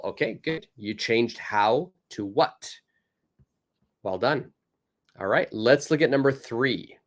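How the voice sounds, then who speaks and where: A North American man teaching English online at an unhurried pace. His voice rises and falls a lot as he models phrases. He sounds patient and encouraging, repeating each line for practice. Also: mid-range voice, animated. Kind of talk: live online English lesson.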